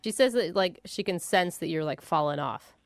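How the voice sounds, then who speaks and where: A woman's voice: lowish voice, animated, normal speed, vocal fry, no room sound. A woman co-hosting a morning radio show, reacting with incredulous, scolding quips. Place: radio studio.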